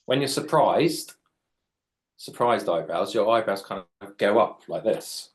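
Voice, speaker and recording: A man's voice: fairly low pitch, expressive, unhurried. Chatty man drawing for kids. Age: late 40s. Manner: chatty, jokey, explains while drawing. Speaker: children's author and illustrator. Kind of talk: live drawing demonstration for children.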